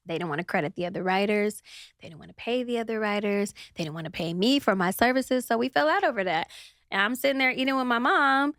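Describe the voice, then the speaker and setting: A woman's voice: mid-range voice, fast, fairly bright tone, dry recording, studio quality. A young adult woman, a guest in a casual interview, telling a story with animation, mimicking other people and swearing freely.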